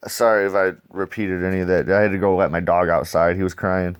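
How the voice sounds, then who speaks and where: A man's voice: deep voice, a little fast, clean tone, muffled recording. A young man casually reviewing a comic book, rambling and swearing as he acts out scenes and adds sound effects. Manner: profane, excitable, sound effects and acted-out dialogue.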